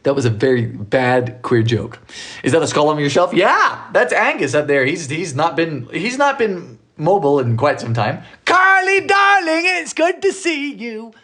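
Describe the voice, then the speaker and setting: A man's voice: a little high, big pitch swings, moderate pace, a bit bright. Chatty man hosting a live bake. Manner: chatty, reads out viewer comments, playful exclamations. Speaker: livestream baking host. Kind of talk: casual live baking stream chat.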